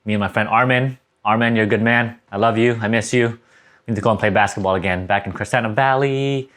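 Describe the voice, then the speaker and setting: Young guy ranting casually to his camera, lowish voice, wanders off topic and swears a lot. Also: steady tone, quick pace, fairly bright tone. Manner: rambling, profane, talks off the cuff. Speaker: vlogger. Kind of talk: casual rambling rant to camera.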